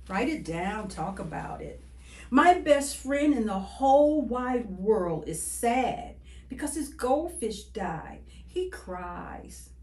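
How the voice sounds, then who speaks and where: Woman, children's story reader, slow and lilting, echoey room. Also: a little high, a little hiss or hum. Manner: expressive, sing-song storybook reading. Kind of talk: reading a picture book aloud to children.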